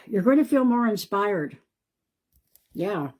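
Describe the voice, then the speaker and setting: A woman, a psychic medium, doing a live-stream card reading in a calm, reassuring way and thinking aloud. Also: medium pitch, slow. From Canada.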